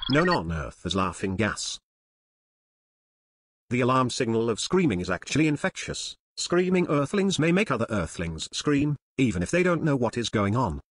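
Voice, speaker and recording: A man giving scripted, deadpan comic narration in a dry, lecturing tone, like an outsider explaining things. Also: mid-range voice. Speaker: narrator of an educational series.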